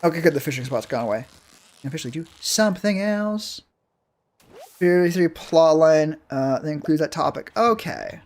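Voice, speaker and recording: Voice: mid-range voice, animated, moderate pace, darkish tone. A game streamer chatting casually with viewers while playing, rambling and swearing freely. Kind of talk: casual live-stream chat while gaming.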